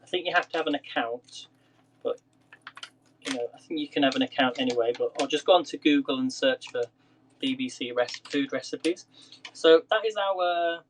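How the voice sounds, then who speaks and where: A man's voice: mid-range voice, normal speed, a little hiss or hum, low-quality recording. A man chatting casually to viewers during a live cooking stream, often laughing and greeting people by name. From England. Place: home kitchen.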